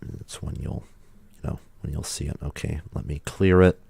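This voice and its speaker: A man's voice: rumbling low, moderate pace, gravelly, dark tone, slightly rough, no room sound. A man hosting a livestream while sick, chatting in a rambling, casual way with loose restarts. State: sick, under the weather. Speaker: livestream host.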